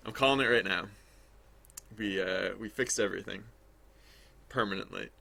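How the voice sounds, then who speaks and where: A man's voice: lowish voice, creaky, sharp tone. A man streaming his game development work, chatting casually and rambling as he thinks aloud. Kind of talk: casual livestream commentary while working.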